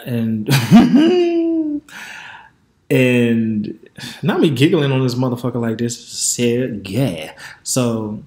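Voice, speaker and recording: A man's voice: mid-range voice, takes it slowly, a little mellow, reverberant. A man hosting a podcast, telling a candid story in a chatty way and speaking straight to his listeners. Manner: frank, chatty, addresses listeners directly. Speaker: podcast host.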